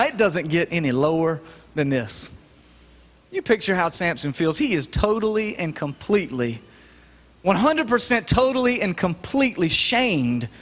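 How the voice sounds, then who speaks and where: A preacher with a high, light voice delivers a lively, folksy sermon to his congregation. The sound carries the long echo of a church sanctuary. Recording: echoey church hall.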